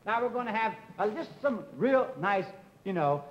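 A man playing an impatient, smooth-talking dance teacher who scolds and coaxes his pupil in a 1950s TV sketch. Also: high voice, animated, moderate pace, a little hiss or hum. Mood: bossy. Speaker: comic actor in a sketch. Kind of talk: 1950s live TV sketch comedy. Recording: dull 1950s broadcast with studio audience laughter.

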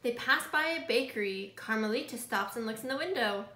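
A woman teacher reading a picture book aloud to her students, speaking clearly, slowly and expressively. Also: fairly high pitch, lively intonation, bright, forceful tone. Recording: echoey room.

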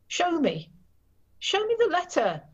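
A woman's voice: very high voice, wildly swooping pitch, measured pace, voice pushed up, exaggerated voice. Woman reading a panicked young island wife. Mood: alarmed. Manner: panicked, pleading. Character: young woman on occupied island, anxious, distraught. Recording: dull lo-fi recording.

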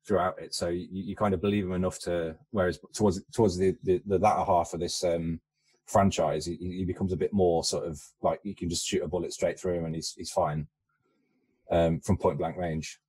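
A man with a fairly low voice chats about an action film on a podcast. He speaks in halting bursts and repeats little words before finding his point. The delivery is casual and conversational. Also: level tone, a little mellow, slightly rough. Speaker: podcast co-host.

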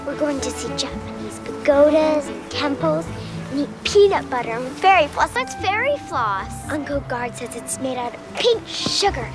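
A woman's voice: sits high, animated, normal speed. An actress playing a proper, sweet rich girl in a period film clip, with music beneath. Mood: wondering.

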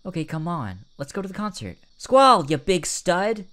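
A man's voice: sing-song, normal speed, sharp tone, heavily acted. A man putting on a bubbly teenage girl. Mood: cheery. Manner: raised pitch, cheery reading.

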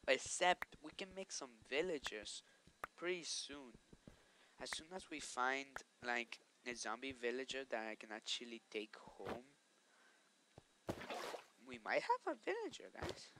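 A man's voice: medium pitch, huge pitch swings, a little slow, noisy background. A man giving casual gameplay commentary, chatting to viewers and scolding the monsters aloud. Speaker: let's play host.

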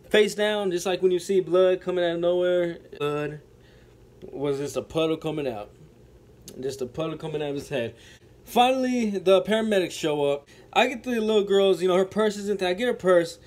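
A man's voice: high-pitched, normal speed, darkish tone. A man telling a story-time monologue to his viewers, dramatic and repetitive, who keeps calling them folks. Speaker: storytelling vlogger.

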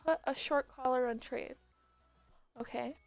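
A woman's voice: sits high, fairly even intonation, unhurried, gravelly, dry recording, soft background music. A woman game streamer chatting to viewers during a live stream, giggling, gasping and squealing often. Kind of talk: excited live-stream chat.

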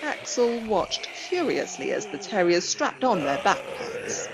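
Lively woman storyteller with background noise. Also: lowish voice, unhurried, vocal fry, few pauses. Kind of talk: storybook narration.

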